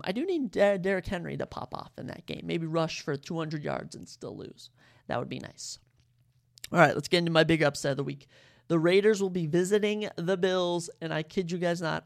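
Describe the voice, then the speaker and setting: A podcast host giving sports picks in casual chat, excitable and rambling, often correcting themselves. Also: mid-range voice, vocal fry. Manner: excitable, fired-up fan talk; rambling, self-correcting asides.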